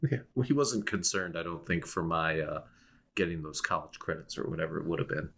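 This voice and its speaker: A young man with a very deep voice, co-hosting a casual podcast. He rambles, restarts his sentences and laughs often as he chats. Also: a little fast, vocal fry, fairly bright tone. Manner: rambling, self-interrupting, with frequent restarts and laughs. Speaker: podcast co-host. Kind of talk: casual chat.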